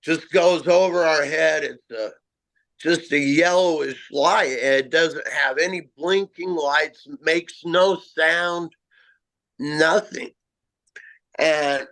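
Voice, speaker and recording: A middle-aged man recounts a strange outdoor encounter in first person. His voice sits a bit high for a man, and he takes his time, halting and restarting with a self-mocking edge. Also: fairly bright tone, poor audio. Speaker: amateur Bigfoot researcher.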